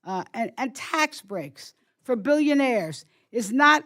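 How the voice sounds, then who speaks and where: An older woman giving prepared opening remarks at a hearing, emphatic and forceful, with some stumbles and restarts. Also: on the high side, animated, slow. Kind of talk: prepared floor speech. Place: hearing room.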